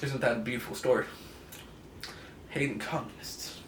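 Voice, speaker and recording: A man's voice: medium pitch, steady tone, moderate pace, background noise. A young man in casual comic commentary, sarcastic and mocking, firing rhetorical questions, in an echoey room. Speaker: comic book reviewer.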